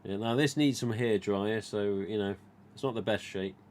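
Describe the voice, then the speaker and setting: A fairly low, darkish voice at normal speed carries this casual live stream, hosted by a mask collector with an English East Midlands accent. He rambles chattily and retells dialogue, with a little hiss or hum in the background.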